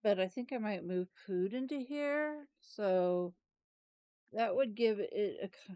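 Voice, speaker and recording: A woman's voice: medium pitch, lively intonation, measured pace, mellow, dry recording. A woman chatting casually through a planner walkthrough, tired and yawning, rambling and trailing off with self-corrections. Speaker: planner vlogger.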